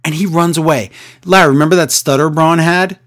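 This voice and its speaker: Man, sarcastic wrestling recap, slightly high voice, exasperated, does mocking impressions. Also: steady tone, a little fast, fairly bright tone. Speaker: wrestling podcast co-host. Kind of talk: casual recap chat.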